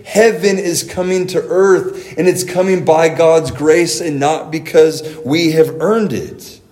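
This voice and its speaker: Slow-spoken preaching man, slightly high voice. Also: fairly even intonation, darkish tone. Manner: preaching with homely asides, quoting scripture. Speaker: pastor. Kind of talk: sermon.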